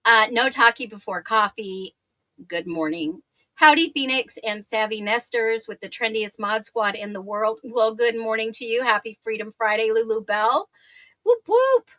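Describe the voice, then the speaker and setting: A woman hosting a true crime livestream, chatty and upbeat, laughing often and greeting viewers by name, her voice a little hoarse. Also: fairly high pitch, fairly even intonation, moderate pace, sharp tone, no echo. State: slightly hoarse voice. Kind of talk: casual livestream chat, reading viewer comments.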